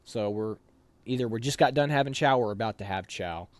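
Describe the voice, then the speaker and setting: A young man casually telling animated stories from army training, laughing and acting out other people's lines. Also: on the low side, fairly quick, no echo. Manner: animated, laughs while telling, acts out quotes. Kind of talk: casual storytelling.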